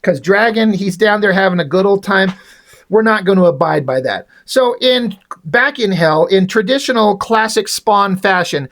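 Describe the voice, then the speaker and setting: A man's voice: high voice, a bit bright. A man giving a casual, profane, sardonic recap of a comic book.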